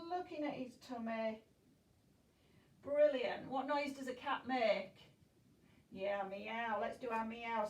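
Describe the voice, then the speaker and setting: A woman's voice: high-pitched, roomy sound, recorded from a distance, poor audio. A woman guiding a children's yoga class in an encouraging, playful way. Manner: encouraging, playful, makes animal noises.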